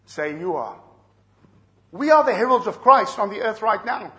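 A middle-aged man preaching a sermon, earnest and measured, dropping soft and then rising loud to drive a point home. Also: high-pitched, expressive. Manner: earnest, swings from soft to shouting for emphasis. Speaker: pastor.

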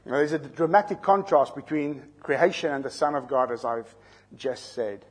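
At a moderate pace, a South African man with a breathy, medium-pitched voice preaches verse by verse through scripture. His manner is that of a teacher who explains terms and asks his listeners questions.

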